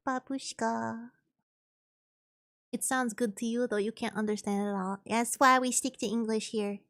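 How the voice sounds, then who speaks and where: A woman's voice: fairly high pitch, steady tone, a little fast, a bit bright. A woman streamer chatting casually while gaming, thinking aloud and answering chat.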